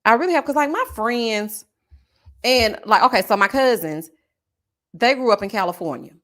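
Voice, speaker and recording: A woman with a Texas Southern twang, chatting casually with her viewers in a sing-song, drawn-out way. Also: a little high, animated, a bit bright. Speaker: YouTube reality-show reviewer. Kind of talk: casual chat reading viewer comments.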